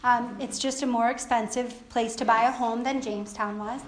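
A woman's voice: a little high, steady tone, moderate pace, echoey room, slight background noise. A woman preaching a sermon to a congregation, talking in a conversational, emphatic way with asides. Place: church service.

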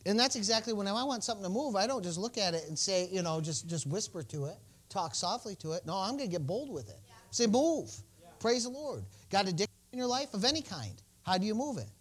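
High-voiced man preaching a folksy sermon. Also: animated, fast talker. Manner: folksy, joking, swings from soft asides to bold shouts. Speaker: pastor.

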